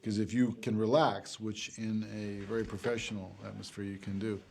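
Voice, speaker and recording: Brief: low-voiced male actor, measured, reflective interview. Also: level tone, creaky, a little mellow. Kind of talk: interview for a featurette.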